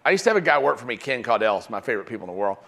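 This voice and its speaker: Energetic man teaching a seminar. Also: mid-range voice, very fast, vocal fry. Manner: energetic, punctuates points with "right?". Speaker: sales trainer. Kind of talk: live seminar talk.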